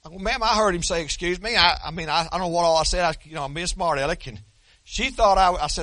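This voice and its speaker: Male pastor, sermon, high bright voice, folksy dry humor, dry close recording. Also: fast talker, no echo. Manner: folksy storytelling with dry self-deprecating humor; repeats and restarts words.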